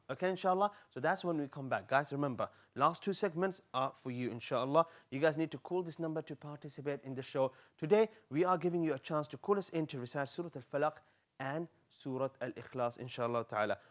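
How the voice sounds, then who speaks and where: Young male kids' TV teacher: lively, coaxing, slow exaggerated drills for children. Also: fairly high pitch. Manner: lively, coaxing, speaks directly to kids. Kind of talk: live children's TV lesson.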